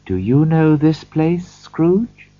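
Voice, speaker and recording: A man voicing a solemn male ghost who speaks in slow, measured questions, on a dull lo-fi recording. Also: on the high side, big pitch swings, dark tone, dry recording, pitched above the performer's own voice. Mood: probing.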